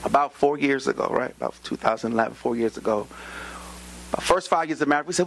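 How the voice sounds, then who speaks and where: A man, preaching a sermon and telling a personal story, acting out voices with sudden high jumps and dropping into whispers. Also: sing-song, fast talker, vocal fry, a bit bright, slight background noise, low-quality recording. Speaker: pastor. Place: church.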